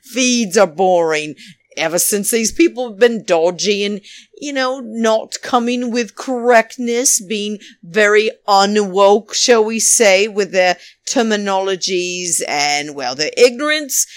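A woman's voice: medium pitch, takes it slowly, no room sound. A woman hosting a casual, rambling podcast monologue from home, chatty and theatrical, who keeps calling her listeners darlings. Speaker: podcast host. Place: home, New York.

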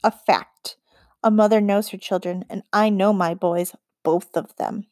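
A woman's voice: medium pitch, fairly even intonation, measured pace, darkish tone, no echo, studio quality, natural voice. A woman voicing a determined human mother in an audiobook, speaking firmly and bluntly. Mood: defiant. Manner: firm, blunt. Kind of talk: audiobook character reading.

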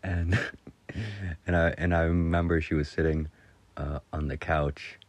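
A man's voice: low-pitched, little pitch movement, measured pace, dry recording. A middle-aged man casually telling stories, laughing often and rambling with crude humor. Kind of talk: casual storytelling monologue.

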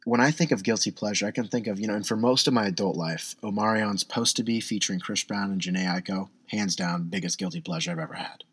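A man's voice: fairly low pitch, fairly bright tone, husky, no echo. A young man talking in a rambling, self-deprecating casual monologue, often restarting his sentences.

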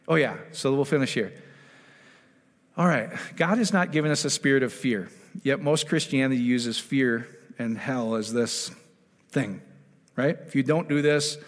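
A man preaches in an easygoing, conversational way, his voice sitting at an ordinary middle pitch. He keeps checking in with the congregation and slips into little acted quotes. A long reverb trails behind him, the sound of a large church hall. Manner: animated, asks the audience questions, acts out quotes. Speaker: pastor. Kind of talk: conversational sermon.

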